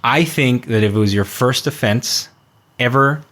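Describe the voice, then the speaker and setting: A man's voice: mid-range voice, unhurried, fairly bright tone. A man co-hosting a podcast, chatting casually and reacting playfully to a friend's story. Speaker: podcast co-host. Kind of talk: casual chat.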